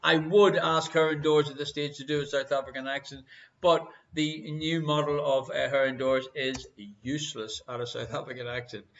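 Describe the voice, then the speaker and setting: Bright-voiced Irish quiz host. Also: male voice, fairly high pitch, level tone, moderate pace. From Ireland. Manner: joking, teasing banter with hesitant fillers. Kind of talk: casual live quiz hosting. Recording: muffled, lo-fi stream audio.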